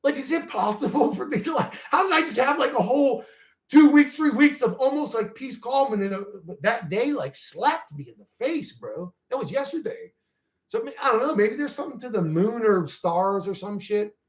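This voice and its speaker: Excitable, foul-mouthed man with a high voice. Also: normal speed. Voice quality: heavy swearing, rambling storytelling. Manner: excitable, rising and falling in bursts. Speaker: channel host. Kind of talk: casual rambling chat.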